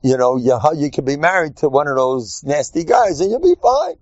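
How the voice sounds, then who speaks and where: Teaching Torah with plenty of jokes and teasing, this rabbi speaks at a moderate pace and animatedly puts on squeaky voices for the quotes he acts out. It's captured in a dry, dull, lo-fi recording.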